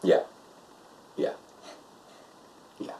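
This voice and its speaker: A man's voice: very slow, warm tone. A young man co-hosting a casual chat, rambling with many fillers and restarts. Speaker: co-host.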